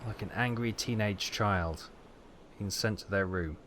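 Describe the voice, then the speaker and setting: A man's voice: on the low side, measured pace, heavy background noise. Wry man narrating gameplay. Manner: chatty, wry, stumbles over ship names. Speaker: gaming channel host. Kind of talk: casual gameplay commentary.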